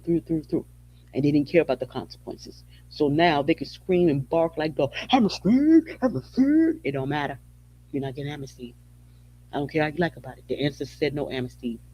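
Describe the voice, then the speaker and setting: A man with a husky, higher-leaning voice hosts a podcast, delivering emphatic, repetitive commentary in a preaching tone. The audio is dull and lo-fi.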